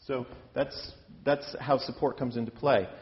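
A man's voice: mid-range voice, fairly even intonation, unhurried. A man from the US Midwest giving a chatty, self-deprecating lecture-demonstration on opera singing as a voice teacher. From Iowa, US Midwest. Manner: chatty, self-deprecating, talks with his hands. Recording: dull, hall reverb.

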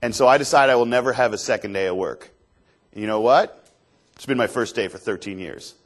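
Guy voicing a cheery desert guide handing out earnest life advice, patient, mid pitch. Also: fairly quick, close to an everyday voice. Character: upbeat, wise male desert tour guide.

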